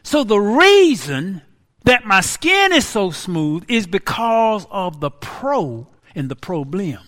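A pastor in his sixties preaching a sermon, dramatic and animated, acting out wailing laments. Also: sits high, slow. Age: 60s. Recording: long hall reverb.

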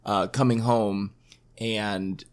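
A man's voice: fairly low pitch, fairly even intonation, slow pace. A young man hosting a casual podcast, talking with his mother in a laid-back, joking way. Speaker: podcast host. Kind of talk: casual family chat podcast.

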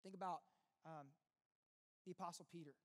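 A pastor preaching a sermon in an earnest, conversational way, full of rhetorical questions. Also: male voice, on the high side, steady tone, brisk. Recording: long reverb with faint music behind.

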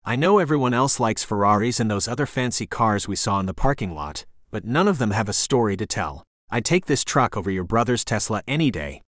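A man's voice: fairly low pitch, lively intonation, a little fast, hardly any pauses, a bit bright, dry recording, clean studio sound. A man voicing a shy young woman artist. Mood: enthusiastic. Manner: hesitant, self-conscious. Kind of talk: audiobook dialogue.

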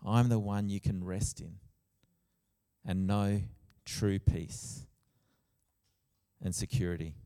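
A man preaching a sermon in a church, earnest, with soft passages and loud emphatic bursts. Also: sits low, fairly even intonation, slow, pauses often, clean tone. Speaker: pastor. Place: church hall. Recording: long church reverb.

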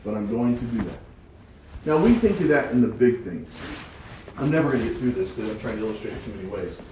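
A man teaching an adult Bible study, preaching with animated, acted-out quotes in a church room. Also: medium pitch, quick pace. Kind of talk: sermon. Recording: distant mic, echoey room, faint background hum.

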